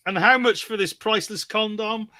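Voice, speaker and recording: A man's voice: high voice, moderate pace, pushed and bright, no room sound, studio quality. A man co-hosting a comedy podcast, reading quirky news stories aloud and adding quips. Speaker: co-host.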